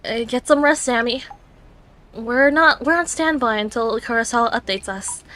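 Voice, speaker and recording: A woman voicing a calm, dry adult female investigator boss in a flat, matter-of-fact way. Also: a little high, moderate pace, lightly acted. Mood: deadpan.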